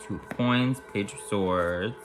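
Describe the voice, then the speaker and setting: Low-voiced man giving a rambling tarot reading. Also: slow, faint music behind. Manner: rambling, repetitive, warmly affirming. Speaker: tarot reader. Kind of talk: casual tarot reading to camera.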